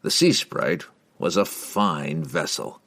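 A man's voice: extremely low pitch, lively intonation, slow pace, gravelly, a bit bright, full character voice. A man reading the part of a wry wizard who speaks from a crystal ball, eager to serve.

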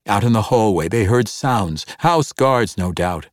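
A man narrating a fantasy audiobook in a measured, expressive reading. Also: fairly low pitch, no echo, clean studio sound.

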